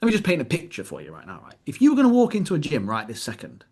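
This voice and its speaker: A British man co-hosting a casual fitness podcast, blunt and animated, swearing freely as he tells stories. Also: on the high side, racing, slightly rough. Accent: British English. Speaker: podcast co-host, fitness coach.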